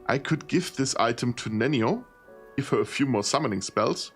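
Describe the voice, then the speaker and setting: A man's voice: mid-range voice, animated, normal speed, soft background music. A tired man streaming a role-playing game, thinking aloud as he sorts loot, often laughing. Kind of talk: casual gameplay commentary.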